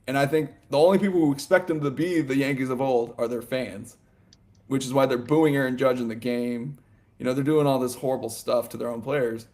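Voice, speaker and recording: A man co-hosting a sports podcast, talking in a loose, animated ramble full of "like" and "you know" and quick laughs. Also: mid-range voice. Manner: laughs often mid-sentence. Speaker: podcast co-host. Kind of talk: casual sports chat.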